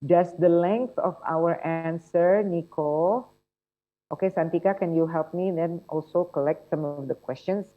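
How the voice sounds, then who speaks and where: Woman, low voice, chatty teacher, muffled video call audio. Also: measured pace. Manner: chatty, encouraging, checks in with "yeah?" and "right?". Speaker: TOEFL instructor. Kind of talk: online workshop teaching.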